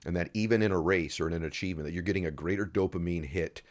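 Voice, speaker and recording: A man hosting a podcast in a casual interview, enthusiastic and quick to affirm his guest. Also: deep voice. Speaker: podcast host.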